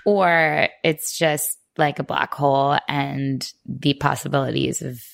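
A woman's voice: very deep voice, fairly even intonation, slow pace, creaky. A woman co-hosting a podcast, chatting in a reflective, casual way. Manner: chatty, reflective, many likes and restarts. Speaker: podcast co-host.

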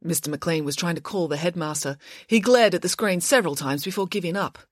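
A woman narrating a children's story in an expressive, animated reading style. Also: on the low side, brisk, dry recording, clean studio sound.

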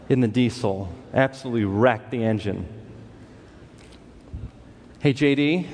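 A man's voice: mid-range voice, a little hiss or hum. A man from Los Angeles telling a story in a sermon, acting out the voices of the people in it. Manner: animated storyteller who acts out quoted voices. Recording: long hall reverb.

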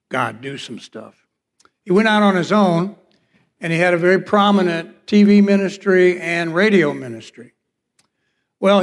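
A fairly high-voiced man preaches a sermon from the pulpit, his words ringing with the long reverb of a big hall. He tells a personal testimony and acts out the voices in his stories. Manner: storytelling, acts out quoted dialogue. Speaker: pastor.

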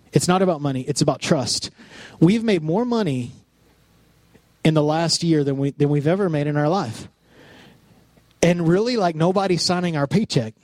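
A man in his thirties preaching in an animated, personal way, often restarting his sentences. His voice sits a little high for a man and sounds dry and close, with no room echo. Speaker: pastor. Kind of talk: sermon.

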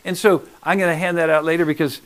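A man preaching a sermon, emphatic, swinging between loud urging and hushed asides. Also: a little high, steady tone, quick pace.

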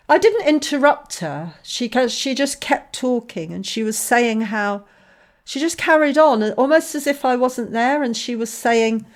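A woman, a missionary guest telling a personal story in conversation, acting out dialogue with lively shifts. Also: a little high, moderate pace.

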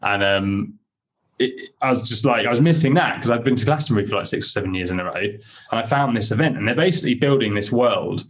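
A young man, a podcast guest, telling excited, rambling stories in casual chat with many fillers. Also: fairly low pitch, fast talker.

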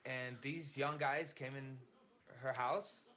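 A man's voice: mid-range voice, steady tone, slow pace, sharp tone. A man, a singer being interviewed, telling a personal story in a casual, earnest way, often repeating words and saying "man".

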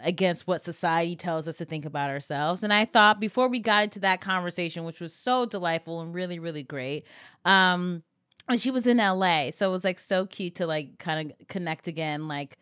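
This young adult woman hosts a casual podcast chat, giggling, playing around, laughing often and joking in silly put-on accents. Her voice sits on the low side, a bit bright and smooth, at a moderate pace. The studio recording is clean, with no room sound.

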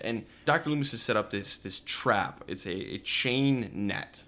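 A podcast co-host with a lowish, expressive voice casually recaps a movie's plot, acting out the characters' lines as he goes. He speaks a little slowly, and his tone is pushed and bright.

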